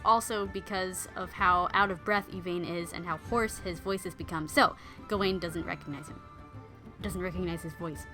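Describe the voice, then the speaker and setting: A woman's voice: mid-range voice, sharp tone. A woman podcast host retelling an old legend in a chatty, playful storytelling style with casual asides.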